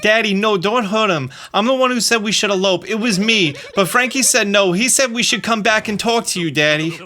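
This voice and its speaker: A man's voice: sits high, a little fast, bright, forceful tone, voice pushed up. Figure: a man doing a melodramatic mob daughter with a put-on Staten Island accent. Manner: whiny, melodramatic. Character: lovesick young woman, dramatic mob daughter.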